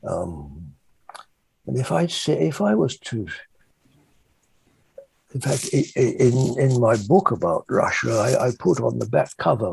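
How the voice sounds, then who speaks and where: An older man from England with a very gravelly, husky voice and a dark, mellow tone. He talks in a halting, gentle way, often trailing off softly. The sound is dry and close. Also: medium pitch, very animated, no room sound, rough recording. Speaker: interviewee, mystic and author. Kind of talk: reflective interview answer.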